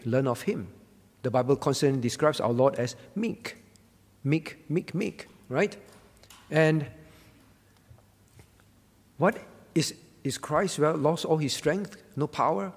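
Pastor man, kinda gravelly, slightly high voice, preaching in a reverby church hall. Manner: earnest teaching tone with many rhetorical questions and fillers. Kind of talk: sermon at a prayer meeting.

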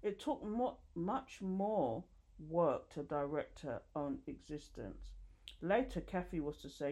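A woman reading a nonfiction book aloud, expressive and lively, with occasional slips and restarts, lifting her voice for quoted dialogue. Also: deep voice, takes it slowly. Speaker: audiobook reader.

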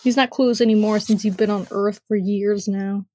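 A woman's voice: mid-range voice, fairly even intonation, fairly quick, warm tone. A teenage girl chatting casually over a voice call, rambling and giggly as she retells scenes. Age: teens. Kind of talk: casual chat. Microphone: computer mic on a voice call.

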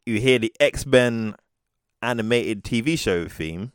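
A man's voice: medium pitch, expressive, takes it slowly, smooth, dry recording, clean studio sound. A man co-hosting a podcast, recapping a film in casual chat and acting out the characters' lines. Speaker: podcast co-host.

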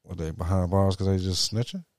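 A man's voice: low voice, a little fast, heavy background noise. A middle-aged man in casual, profane chat, telling stories animatedly and slipping into quoted voices.

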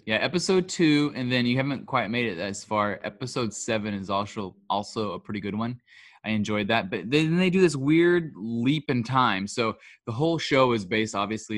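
A man with a lowish voice co-hosts a podcast, chatting casually and rambling through his opinions with plenty of fillers. The studio-quality recording has no echo.

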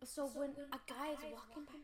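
A young woman co-hosting a casual chat podcast, giggly and animated, slipping into Spanish now and then. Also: high voice, fairly quick, a crowd in the background. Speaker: podcast co-host. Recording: roomy, distant mic with noise.

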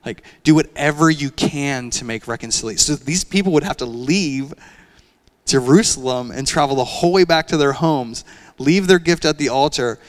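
A young man preaching a sermon in a conversational, animated way, often using casual fillers. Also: on the high side, normal speed. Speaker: pastor.

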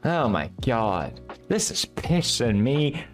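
A man's voice: medium pitch, sing-song, takes it slowly, soft background music. A young man from Sweden, giving casual, sarcastic and profane reaction commentary as a video host.

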